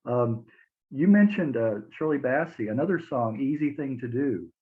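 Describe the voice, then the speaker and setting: A man's voice: mid-range voice, animated, normal speed. A man interviewing, responsive and laughing along, asking follow-up questions. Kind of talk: casual interview. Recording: tinny phone-like line.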